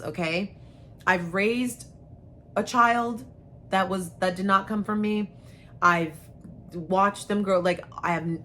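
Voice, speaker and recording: A woman's voice: fairly low pitch, a bit bright, a little hiss or hum. A young adult woman hosting her own channel, talking frankly and chattily to camera with slangy asides. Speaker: host. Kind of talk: casual chat to camera.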